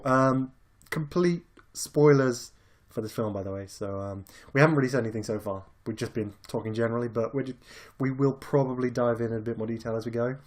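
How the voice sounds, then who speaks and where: A British man casually chatting about films as a podcast co-host, laid-back and rambling, swearing now and then. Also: medium pitch. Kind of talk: casual film chat.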